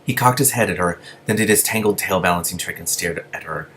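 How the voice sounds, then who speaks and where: A man's voice: low voice, fairly quick, a bit bright. A man reading a novel aloud and breaking in with gushing asides. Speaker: reader.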